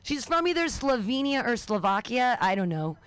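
Lively, sardonic woman comic host. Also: fairly high pitch, normal speed, smooth, dry recording. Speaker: comedy show host. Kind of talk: stand-up comedy and hosting.

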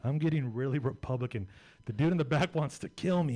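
A man's voice: medium pitch, expressive, fast talker, a little mellow. A young man performing a rambling, profane, self-deprecating stand-up comedy set on a club stage.

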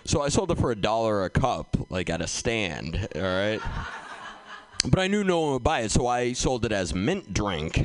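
Low-voiced man hosting stand-up. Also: very animated, measured pace. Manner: loose storytelling with many fillers. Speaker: comedy show host and comic. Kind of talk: stand-up comedy.

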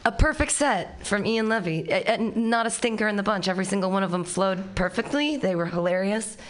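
A woman's voice: mid-range voice, fairly quick. Lady hosting a comedy night, hyped and casual, swears a lot, medium voice. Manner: loose, enthusiastic, casually swearing. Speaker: open mic host. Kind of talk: emceeing a comedy show.

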